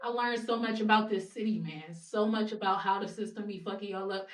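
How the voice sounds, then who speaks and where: A woman's voice: medium pitch, fairly quick. A young woman from Ohio, a guest in a casual interview, speaking frankly and swearing freely. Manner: frank and animated, swears freely, laughs between points. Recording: roomy sound from a distant mic.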